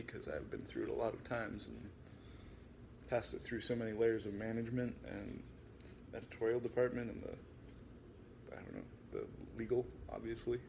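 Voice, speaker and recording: A man reading aloud from his own book in a relaxed way, with chatty asides. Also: mid-range voice, gravelly, a little hiss or hum.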